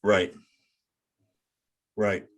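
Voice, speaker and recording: A man hosting a casual sports talk show, halting and often stumbling over his words. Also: a bit bright. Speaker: sports podcast host.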